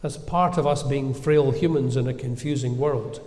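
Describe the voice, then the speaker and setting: Preacher in an echoey church. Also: male voice, mid-range voice, fairly even intonation. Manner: measured, gentle, earnest preaching with reflective pauses. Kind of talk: sermon. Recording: echoey church with long reverb.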